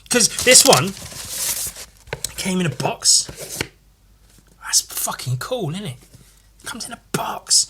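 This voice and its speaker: Bright-voiced sweary man rambling. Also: a little high, slightly rough. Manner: swears constantly, playful, jumps into loud goofy voices. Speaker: artist hosting a solo podcast. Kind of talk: casual rambling chat while sketching.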